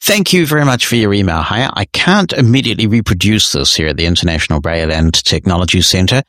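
Lowish-voiced male tech podcast host. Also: expressive, fast talker, bright, forceful tone, no echo, studio quality. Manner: conversational, explanatory, lightly wry. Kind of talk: answering listener emails on a tech show.

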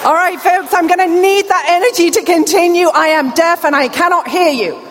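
Woman, British accent, deaf speech accent, high voice, keynote speaker, reverberant hall, faint background hum. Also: a little fast. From England. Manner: upbeat, chatty, rallying the crowd. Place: large conference hall.

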